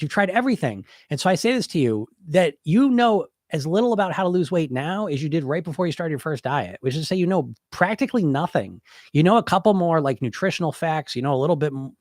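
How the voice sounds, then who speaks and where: A man's voice: a little high, no room sound, studio quality. A middle-aged man with a stuffy head cold, hosting a casual podcast, talking bluntly and rambling with many fillers. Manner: blunt, rambling, lots of "you know" fillers. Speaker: podcast host and hypnotist weight coach. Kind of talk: casual live-stream talk answering questions.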